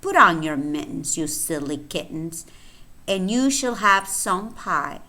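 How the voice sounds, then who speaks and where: A woman's voice: lowish voice, lively intonation, slow pace, pushed and bright, heavily acted. A woman voicing a stern mother cat in a nursery rhyme who exclaims sharply and then scolds. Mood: scolding.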